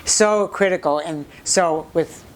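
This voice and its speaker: A woman's voice: lowish voice, unhurried, over a noisy crowd. A woman co-hosting a casual talk show with her husband, chatty and earnest. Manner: chatty, laughs easily, earnest. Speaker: co-host. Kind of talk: casual chat.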